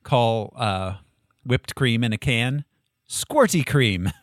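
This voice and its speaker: A man's voice: medium pitch, slow, no room sound, studio quality. A man hosting a casual movie podcast, joking and laughing often as he talks. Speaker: podcast host.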